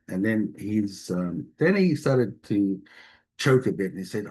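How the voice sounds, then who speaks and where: A middle-aged man with a slightly low, husky voice tells stories from his work as a family doctor. He talks in an easygoing, jokey way, often stopping and restarting his sentences. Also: animated, a little slow. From Tonga. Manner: warm, jokey storyteller with frequent restarts. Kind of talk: storytelling interview talk.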